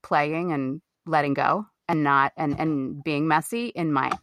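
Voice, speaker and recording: Actor guest, middle-aged woman from the Midwest, slightly low, bright and forceful, emphatic and candid, close dry sound. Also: unhurried, dry recording. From American Midwest. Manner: animated, emphatic, swears freely. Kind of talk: candid storytelling in an interview.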